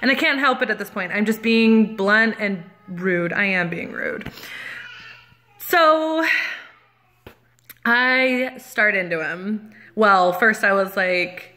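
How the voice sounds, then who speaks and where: A woman in her thirties telling a rant as a casual storytime, animated, laughing often and getting louder as she gets worked up. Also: mid-range voice, takes it slowly, long pauses. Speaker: vlogger.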